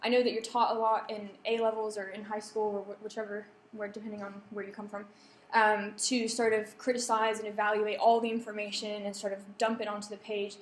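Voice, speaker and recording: A young woman talks students through writing advice at a middle pitch, pausing on ums and correcting herself as she goes. Her voice carries the echo of a lecture room over faint background hiss. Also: level tone. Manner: explanatory, with frequent ums and self-corrections. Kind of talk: academic writing workshop talk.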